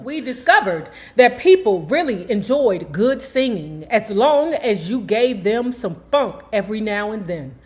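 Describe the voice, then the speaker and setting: Lively woman reading a memoir aloud. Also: medium pitch. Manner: animated, breaks off to talk to viewers.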